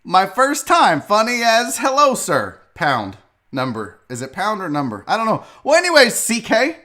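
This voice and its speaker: A man's voice: sits high, wildly swooping pitch, normal speed, pushed and bright. A man hosting a live sports show, rambling and swearing loosely as he drinks on air. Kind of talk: loose live-stream talk.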